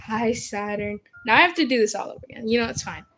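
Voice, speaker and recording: A woman casually commenting on her gameplay while streaming, excitable and talking to her chat with lots of starstruck exclamations. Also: fairly high pitch, fast, soft background music. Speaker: game streamer.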